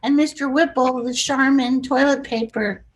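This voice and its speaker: A woman's voice: high voice, steady tone, normal speed, a little hiss or hum. A woman in her sixties, a comedic actress, telling rambling showbiz stories and acting out the voices of people she quotes. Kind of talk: casual storytelling interview.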